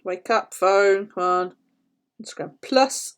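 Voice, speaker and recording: A woman's voice: mid-range voice, takes it slowly, smooth. Chatty, swearing British woman. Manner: chatty, swears freely, laughs often. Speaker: planner vlogger. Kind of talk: casual chat to live viewers.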